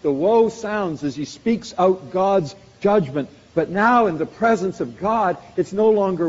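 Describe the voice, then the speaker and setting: A man's voice: high-pitched, expressive, measured pace, few pauses, a little mellow. A man preaching a sermon with an emphatic, repetitive cadence. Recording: muffled recording in a reverberant hall.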